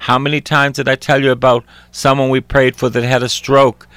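A man's voice: level tone, a little fast, dry recording. A man preaching a sermon, reading scripture and acting out its voices, repeating phrases for emphasis. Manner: acts out voices in scripture, crying out high and loud.

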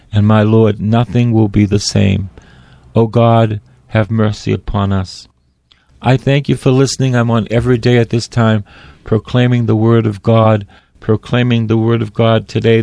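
A man's voice: lowish voice, vocal fry, mellow, dry recording. A man preaching and praying in a fervent, solemn way, often repeating phrases for emphasis. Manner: fervent, slow and solemn in prayer. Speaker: radio preacher. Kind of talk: prayer and sermon.

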